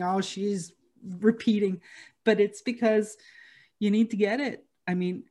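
A woman hosting a podcast, telling a personal story in a heartfelt, halting way with many restarts. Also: medium pitch, warm tone. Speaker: podcast host.

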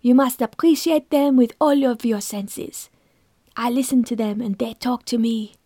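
A suave, flowery Frenchman, put on by a woman narrator. He lingers over his words in a slow, caressing way and sits a little higher than a man's usual pitch. The sound is dry and close. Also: fairly even intonation, warm tone, no echo. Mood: fussy, seductive. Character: suave slim Frenchman, cheese expert, grand temperament.

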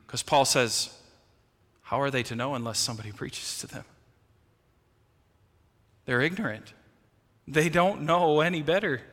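A male pastor preaching a sermon with passion, moving from quiet, low passages to raised, emphatic ones and often repeating words as he starts a phrase. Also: unhurried, long pauses, big-room sound. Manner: impassioned preaching, swinging from quiet to loud. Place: church sanctuary.

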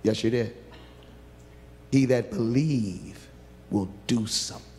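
A man preaching a sermon who swings from hushed pleading to loud cries, prays aloud and tells stories from his ministry. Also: mid-range voice, slow, in a large hall, a little hiss or hum.

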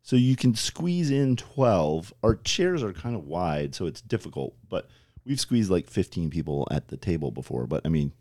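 Deep-voiced middle-aged man, dry humor. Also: big pitch swings, a little mellow, dry recording. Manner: dry self-mocking humor, quick bursts of laughter. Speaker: guest, club board chairman. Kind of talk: casual interview chat.

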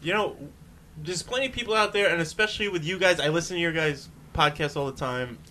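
Chill podcast dude, kinda bright sharp tone, jokey, stumbles and restarts, faint hum behind. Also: male voice, on the high side, quick pace. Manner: laid-back, joking, trails off with restarts. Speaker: podcast co-host. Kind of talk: casual banter.

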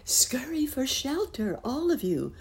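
A woman doing a brisk muskrat housekeeper lady. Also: low voice, big pitch swings, mellow, a little hiss or hum, pitched above the performer's own voice, exaggerated voice. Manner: brisk, fussing.

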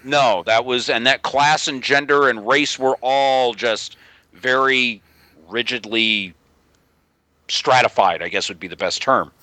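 Bright-voiced man rambling in a dry room. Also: mid-range voice, unhurried, dry recording. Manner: rambling, corrects himself mid-thought. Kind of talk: casual panel chat.

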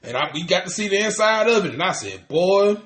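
A man's voice: sits high, big pitch swings, brisk, fairly bright tone, echoey room. A man, co-hosting a podcast in casual chat, ranting animatedly and cursing with lots of restarts. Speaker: podcast co-host.

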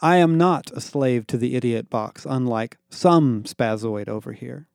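A man playing a deadpan punk teenager. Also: vocal fry, dry recording, clean studio sound. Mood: deadpan scolding. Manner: low, slow, solemn and deadpan. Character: deadpan punk teenage boy, aloof and preachy. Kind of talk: audio fiction reading.

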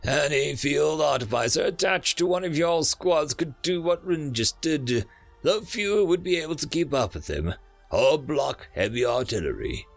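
A man's voice: a little high, very animated, moderate pace, creaky, dry recording, soft background music, voice pushed up, heavily acted. A man doing a blunt, proud veteran officer. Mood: emphatic.

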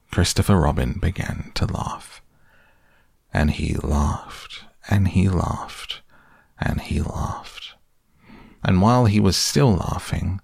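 Man, storybook reading, very deep, gravelly, dry close sound. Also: dry recording. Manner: unhurried, gentle reading. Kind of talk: reading a children's storybook aloud.

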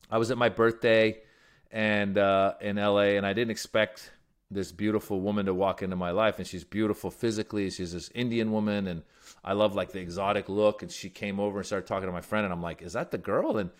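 A male comedian who came from Iran as a child and grew up in the United States, telling stories in a casual interview with lots of restarts and fillers. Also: lowish voice. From Iran, raised in the United States. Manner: rambling storyteller with many restarts and fillers. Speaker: comedian guest.

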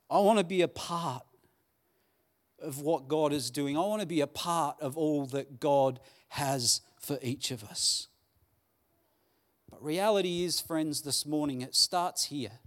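Earnest preacher, a man. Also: a little high. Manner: earnest, pleading, with dramatic pauses. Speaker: pastor. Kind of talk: sermon. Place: church hall.

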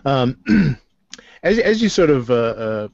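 A man narrating a tabletop game as game master, halting often with fillers and restarts. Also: mid-range voice, sing-song, gravelly, a little mellow, no echo. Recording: dull, lo-fi and dry.

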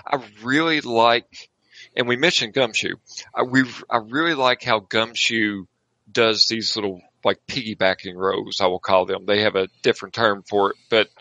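A man in an easygoing gaming discussion, talking in a rambling way full of fillers. His voice is gravelly and bright with a fairly low pitch. The sound is dry and close. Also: steady tone, normal speed, dry recording, rough recording. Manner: rambling, with frequent filler phrases. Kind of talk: casual tabletop gaming discussion.

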